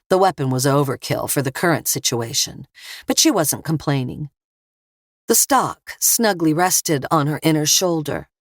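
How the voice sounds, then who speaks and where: Low-voiced woman narrating an audiobook. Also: no echo, studio quality. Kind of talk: scripted narration.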